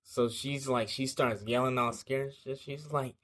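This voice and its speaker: A man's voice: mid-range voice, fairly even intonation, moderate pace, fairly bright tone. A young man telling a childhood story in a casual vlog, rambling and slangy, with lots of fillers and swearing.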